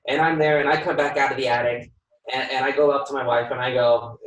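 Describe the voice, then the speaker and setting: A man's voice: medium pitch, fairly quick. Man telling stories on a distant, roomy mic. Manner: lively storyteller who acts out quoted dialogue and laughs often. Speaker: home inspector guest. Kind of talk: podcast interview storytelling.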